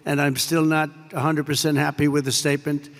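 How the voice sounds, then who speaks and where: Older American man, gravelly speech. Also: fairly high pitch, flat delivery, fairly quick. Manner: rambling anecdotes full of superlatives and asides. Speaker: president addressing troops. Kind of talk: off-the-cuff speech to troops. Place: large air base hall. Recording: long reverb from a large hall.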